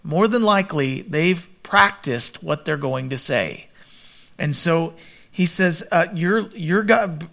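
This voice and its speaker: A man preaching a sermon, reading scripture aloud and commenting, with a quieter, lower voice for the quoted speakers. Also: takes it slowly, vocal fry. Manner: expressive Bible reading with commentary, drops voice for quoted lines. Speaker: pastor.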